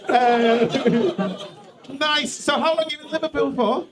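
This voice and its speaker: A man with a strikingly high voice works the crowd from a comedy club stage, teasing people and rambling, often breaking off his own sentences. He talks into a handheld mic, and the live recording carries a clear layer of room noise behind him. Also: slow pace. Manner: rambling, teasing, self-interrupting. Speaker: stand-up comedian. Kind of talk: crowd work with the audience.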